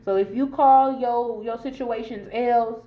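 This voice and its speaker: A woman podcaster with talks straight to her listeners in a casual motivational monologue. Her voice sits a little higher than most women's, and she repeats herself for emphasis. She speaks in slangy, profane bursts. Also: steady tone, a little slow, reverberant, dull audio. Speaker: podcast host.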